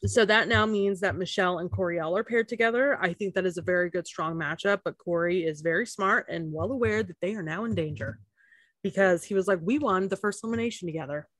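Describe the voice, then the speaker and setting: A woman's voice: lowish voice, fairly quick, a bit bright, no room sound. Woman podcast cohost, chatty, laughs a lot, dry close sound. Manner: chatty, laughs often, many fillers. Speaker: podcast co-host. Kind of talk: casual chat recapping a reality show.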